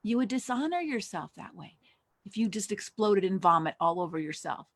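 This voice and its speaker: A woman's voice: mid-range voice, lively intonation, moderate pace, no echo. An older woman giving a conversational teaching talk as a Christian counselor, asking many rhetorical questions.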